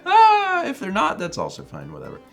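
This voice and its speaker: A man co-hosting a live stream, chatting casually and reading out viewer messages in an animated, playful way. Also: low-pitched, normal speed, soft background music. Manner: animated, playful, puts on silly voices when quoting. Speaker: co-host of a live stream show.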